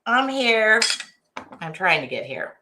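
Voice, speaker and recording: A woman hosting a casual livestream from her art studio, chatty and greeting viewers by name, her voice jumping high when excited. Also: slow, reverberant, noisy background. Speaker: host.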